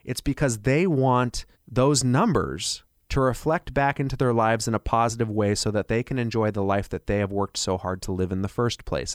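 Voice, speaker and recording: A man working as a financial advisor, delivering a persuasive radio pitch full of rhetorical questions. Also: clean tone, dry recording, studio quality.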